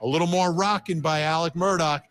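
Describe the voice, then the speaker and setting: Brief: male host, slightly high voice, quick conversational handoffs. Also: fairly even intonation, fairly bright tone. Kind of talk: hosting a news panel.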